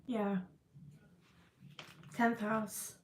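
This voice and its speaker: A woman's voice: medium pitch, flat delivery, extremely slow, reverberant, a little hiss or hum, rough recording. A woman giving a tarot reading to her viewers, emotional and tearful, swearing freely and calling them y'all. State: crying. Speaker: tarot reader.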